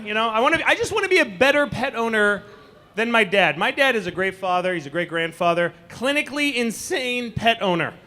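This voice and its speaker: A man in his forties doing a stand-up comedy set in a club, animated and acting out people with shouted asides. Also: very high voice, slight background noise. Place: comedy club stage before a live audience.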